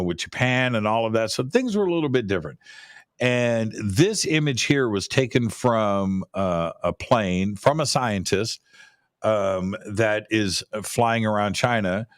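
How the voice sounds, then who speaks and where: A man's voice: fairly low pitch, clean tone, no echo, studio quality. A man talking casually about pyramids as a guest, rambling, repeating words and restarting his sentences. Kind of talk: casual conversational talk.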